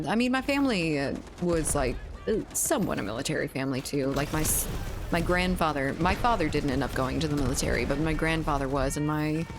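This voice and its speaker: A woman's voice: deep voice, background noise. A young woman streaming a game, chatting candidly with her chat, joking and laughing often. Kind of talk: casual stream chat while gaming.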